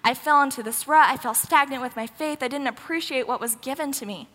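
A woman's voice: sits high, fairly quick, a bit bright. A young woman giving a casual, sarcastic, emphatic sermon in a church hall. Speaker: youth speaker. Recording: roomy hall with long echo.

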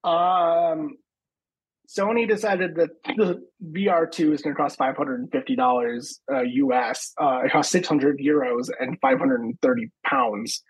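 A man's voice: mid-range voice, steady tone, a little slow, slightly rough, low-quality recording. A man co-hosting a podcast in casual chat, offhand and full of fillers as he reads out news items.

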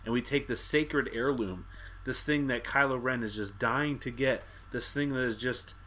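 A man co-hosting a podcast in a casual movie discussion, animated and acting out his own reactions. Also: medium pitch, normal speed, slight background noise. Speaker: podcast co-host.

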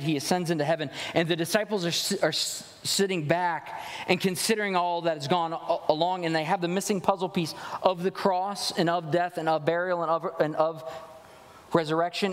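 A pastor giving a conversational sermon, acting out quoted lines as he explains a passage. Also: a little high. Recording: long reverb of a large hall.

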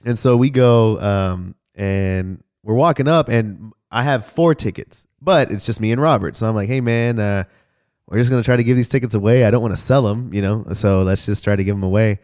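A man's voice: lowish voice, a little fast, smooth. A young man from Houston chatting casually on a podcast, telling a story in a laid-back way with a lot of swearing. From Houston, Texas. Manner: laid-back, swears a lot, acts out voices loudly when telling stories.

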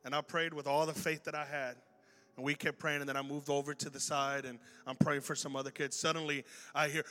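A male pastor telling a story in a sermon, lively and animated, acting out the voices of the people in it. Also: on the high side, a little fast. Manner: animated, acts out dialogue in the story. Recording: long hall reverb with faint music.

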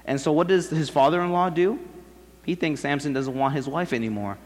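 A man's voice: on the high side, brisk. A young man giving a casual, slangy sermon and acting out the quoted voices as he retells a story. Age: young adult. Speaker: seminary student preaching. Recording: long hall reverb.

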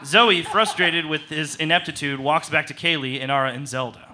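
Bright-voiced comic narrator, man. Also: fairly high pitch, moderate pace. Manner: deadpan with sudden laughs and sound effects. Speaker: narrator of an improv audio comedy.

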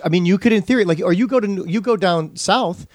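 A man's voice: sits high, fairly quick, no room sound, studio quality. A middle-aged man from the Midwest hosting a casual chat, rambling with many restarts. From Milwaukee area, US Midwest. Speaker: podcast host.

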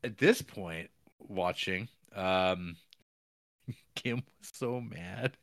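A man's voice: deep voice, very slow, vocal fry, a bit bright. Rambling man recapping a film. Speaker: podcast co-host. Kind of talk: casual film recap chat.

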